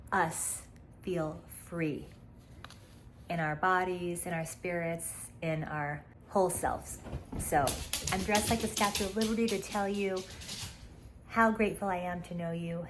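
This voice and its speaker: A woman's voice: lowish voice, slight background noise. A woman giving an earnest, stately birthday tribute to a friend she has loved for years.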